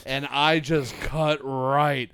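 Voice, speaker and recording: A man's voice: mid-range voice, very slow. A man in his forties telling a rambling, profane story to friends on a podcast, on a close mic. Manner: rambling, profane, animated anecdote teller. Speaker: podcast co-host. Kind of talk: casual storytelling among friends.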